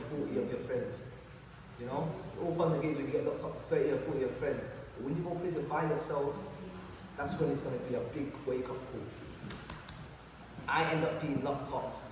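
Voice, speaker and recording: A young man with a London accent telling a youth audience an animated story full of slang and sound effects. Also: mid-range voice. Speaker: motivational speaker at youth event. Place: large hall at youth event. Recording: echoey hall, distant mic, background noise.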